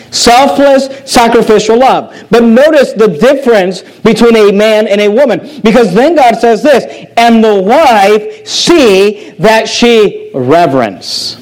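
Male pastor, high voice, emphatic sermon delivery with repeated phrases. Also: lively intonation, takes it slowly, rough recording. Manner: emphatic preacher with sharp pitch drops and repetitions.

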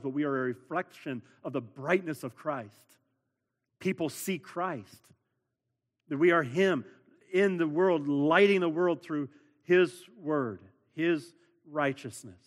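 Earnest preaching man in echoing hall. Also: a little high. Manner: earnest preaching with repeated words and rising emphasis. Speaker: pastor. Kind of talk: sermon. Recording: long hall reverb.

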